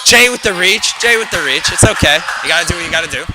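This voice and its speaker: Young man, sports commentator, high voice, jokey, loud gym ambience. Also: fast. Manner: excitable, hypes up a player, jokey. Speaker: student play-by-play commentator. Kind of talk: live basketball commentary. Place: school gym. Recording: loud gym noise behind.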